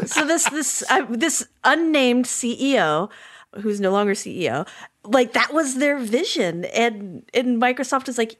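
A woman's voice: a little high, big pitch swings, normal speed, fairly bright tone. A woman on a tech podcast panel, telling a story in a wry, amused way with small stumbles.

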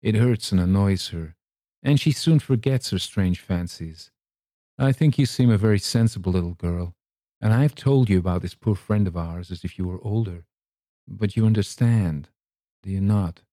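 A man voicing a kind, sensible woman who speaks calmly and reassuringly in a low voice. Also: moderate pace, dry recording, studio quality, lightly acted. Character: kind, sensible middle-aged woman relative.

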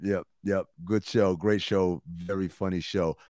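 A man's voice: low-pitched, a little slow, no echo, clean studio sound. A man co-hosting a podcast, telling stories in casual chat with lots of slang and swearing. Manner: animated storytelling, swearing and slang. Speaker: podcast co-host.

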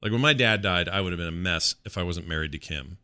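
A low-pitched man co-hosting a casual chat show. His tone is bright and forceful. He rambles along, gesturing with his hands as he talks. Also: quick pace. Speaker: podcast co-host.

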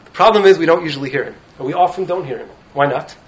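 Animated man teaching, slightly high voice. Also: fast, highs cut off. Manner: animated, keeps checking in with "right?". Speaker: rabbi teaching in a yeshiva. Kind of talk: Torah talk. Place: study hall.

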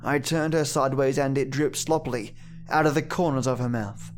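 A man reading a first-person horror story aloud in a measured, somber way. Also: mid-range voice, steady tone, a little hiss or hum. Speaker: narrator. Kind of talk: scripted horror narration. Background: faint music.

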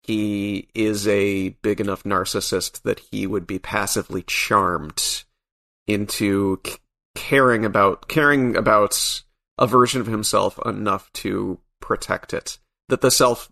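A man's voice: on the low side, fairly even intonation, measured pace, gravelly, bright, forceful tone. A man being interviewed as a comic book writer, speaking thoughtfully with a dry, wry sense of humor. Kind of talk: casual podcast interview.

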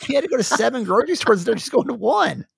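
A man hosting a podcast, telling stories in a rambling, animated casual chat. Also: extremely high pitch, very fast, creaky, husky, dry recording, clean studio sound. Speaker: podcast host.

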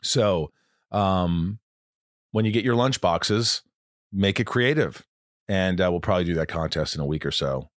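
A man's voice: deep voice, expressive, unhurried, dry recording, clean studio sound. A man hosting a podcast in casual chat, rambling and joking about himself. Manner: rambling, with self-deprecating humor. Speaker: podcast host.

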